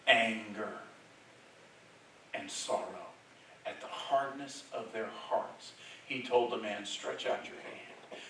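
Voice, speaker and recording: A man preaching a sermon as pastor, conversational, checking in with "right?", and swelling to loud emphatic passages. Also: mid-range voice. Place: church sanctuary. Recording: very echoey church hall, mic far off, faint hiss.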